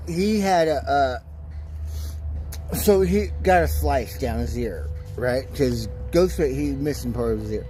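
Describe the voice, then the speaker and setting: A man's voice: mid-range voice, expressive, measured pace, warm tone, a little hiss or hum. A man hosting a livestream, chatting casually and rambling, swearing now and then and cooing at his cats. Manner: laughs easily, swears casually. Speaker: livestream host.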